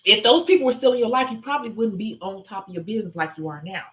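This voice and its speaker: A woman's voice: medium pitch, lively intonation, quick pace, muffled recording. A young adult woman hosting a live question-and-answer stream, talking casually and candidly and acting out other voices when she retells stories. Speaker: livestream host answering viewer questions.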